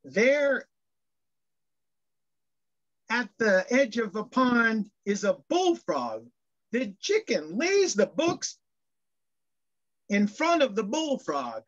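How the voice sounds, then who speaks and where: A man's voice: extremely high pitch, sing-song, very slow, pauses often, a bit bright. A male minister giving a sermon, telling jokes in a storyteller's way and often restarting his phrases. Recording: dull lo-fi sound.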